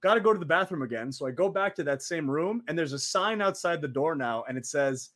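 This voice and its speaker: A man in his twenties, an interview guest telling stories in a lively way, acting out quotes and laughing often. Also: fairly high pitch, fairly quick. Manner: animated, acts out quoted voices, laughs often. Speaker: interview guest, former wrestler. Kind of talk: casual storytelling.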